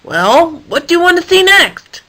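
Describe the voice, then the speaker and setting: A woman voicing an eager young male circus seal in a storybook, with a high, excited way of asking questions. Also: unhurried, exaggerated voice.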